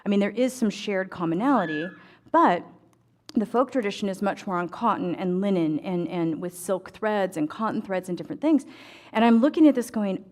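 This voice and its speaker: A woman's voice: mid-range voice, moderate pace. Chatty middle-aged woman telling a story. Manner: animated, acts out dialogue, chatty fillers. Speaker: ecclesiastical tailor and embroidery speaker. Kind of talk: storytelling talk to an audience.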